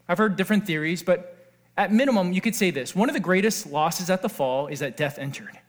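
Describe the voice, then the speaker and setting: Male pastor with a high voice, earnest sermon delivery, moves between quiet and animated passages. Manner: earnest, swings from hushed to excited.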